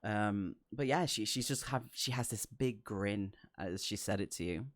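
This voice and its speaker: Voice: mid-range voice, normal speed, no echo. Giggly, rambling game master in a dry room. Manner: giggly, rambling with many fillers. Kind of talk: narrating a tabletop game.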